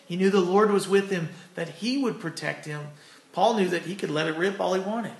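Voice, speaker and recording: In an echoey room, a man with a high voice and vocal fry delivers an earnest, conversational sermon. He shares personal stories and then closes in prayer.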